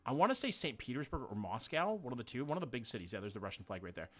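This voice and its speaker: This man's medium-pitched voice is very animated, very fast and fairly bright. He's live-streaming a game in casual chat, thinking out loud, swearing offhandedly and greeting viewers by name.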